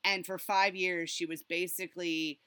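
A woman co-hosting a casual podcast, telling stories in an animated way and breaking into excited laughter. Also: lowish voice, moderate pace, smooth, no room sound. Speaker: podcast co-host.

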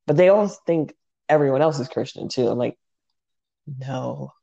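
A woman from New York City co-hosts a casual podcast chat, her pitch rising and falling a lot as she tells stories bluntly and with exasperation. Her tone is mellow and low in brightness. The audio is a little dull and muffled. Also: brisk, creaky. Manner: animated storyteller, blunt and exasperated. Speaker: podcast co-host.

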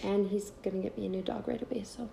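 A woman's voice: mid-range voice, steady tone, quick pace, creaky, over a noisy crowd. A woman co-hosting a podcast, chatting casually and asking her guests questions. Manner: easygoing, asks questions. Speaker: podcast co-host. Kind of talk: casual chat.

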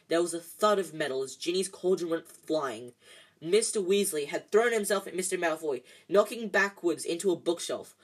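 A reader narrating a storybook aloud in a husky voice of middle pitch. They stumble now and then and correct themselves mid-sentence. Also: lively intonation, normal speed. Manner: reads with slips and restarts.

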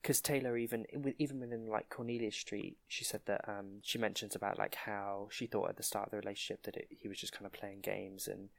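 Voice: low voice, level tone, fairly quick, gravelly, hardly any pauses. A podcast co-host in casual chat, gushing about songs with many hesitations and fillers.

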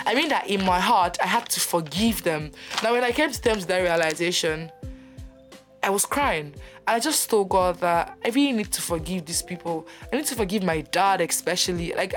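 A young woman hosting her own podcast, talking candidly and animatedly about her personal life, often laughing. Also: medium pitch. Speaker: podcast host. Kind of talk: personal reflective monologue.

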